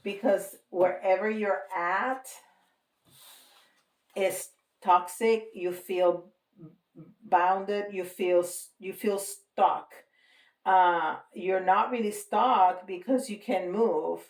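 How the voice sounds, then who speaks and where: A woman giving a casual tarot reading to viewers, slow and reassuring, with frequent light laughter. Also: mid-range voice, steady tone. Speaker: tarot reader. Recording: roomy, from a distance.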